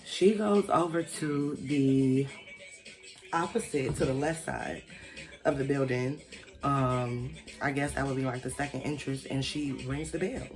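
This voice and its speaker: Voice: mid-range voice, measured pace, soft background music. A vlogger telling a wild personal story in a casual storytime monologue, chatty and full of "like" fillers, swearing freely and acting out the people in it. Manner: animated, acts out quoted people.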